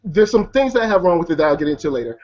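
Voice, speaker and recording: Chill dude reviewing a movie, slangy, kinda high voice, muffled call audio. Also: male voice, sing-song, very fast, darkish tone. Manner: laid-back slangy talk, laughs easily. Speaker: film reviewer. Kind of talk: casual debate.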